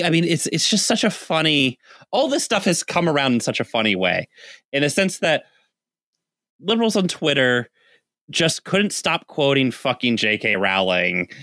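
A man trading sardonic jokes in casual podcast talk, laughing between lines. His voice is bright and swings widely in pitch. The sound is dry and close. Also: dry recording. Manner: sardonic, laughing often, many fillers. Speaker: podcast co-host. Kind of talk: casual political chat.

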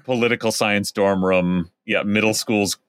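A man with a slightly low voice talks in loose, rambling podcast chat. He swears freely and laughs often. The sound is dry and close to the mic. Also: steady tone, moderate pace, a bit bright, clear, resonant tone, dry recording. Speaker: podcast co-host. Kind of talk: casual chat.

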